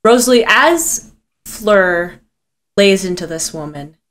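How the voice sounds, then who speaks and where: A woman game master narrating a tabletop game with intensity, swearing freely and dropping low for solemn moments. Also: expressive, slow, fairly bright tone.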